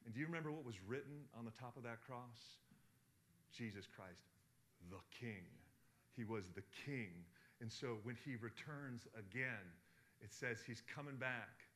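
A middle-aged man preaching a sermon, asking the congregation questions and swinging from hushed to loud. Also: mid-range voice. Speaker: pastor.

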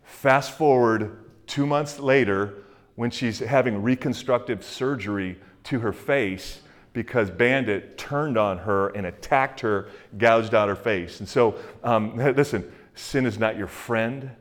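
Male pastor, mid-pitched voice, casual sermon delivery, talks it out with fillers, prays softly. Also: takes it slowly. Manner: conversational preaching with fillers and acted-out quotes; drops to a hushed, soft voice in prayer.

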